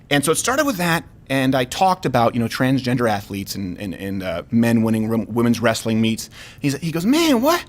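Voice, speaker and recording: A man hosting a talk show, telling a comedic story in an animated, conversational way. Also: mid-range voice.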